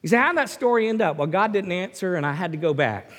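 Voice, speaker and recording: Animated male preacher in a reverberant hall. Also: high voice, fast talker. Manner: animated, swings from loud to hushed, repeats words. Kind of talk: sermon.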